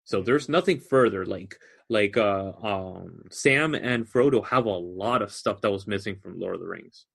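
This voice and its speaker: A man's voice: fairly low pitch, moderate pace, creaky, few pauses, slightly rough. A man co-hosting a podcast in casual chat, animatedly explaining book lore at length. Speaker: podcast co-host.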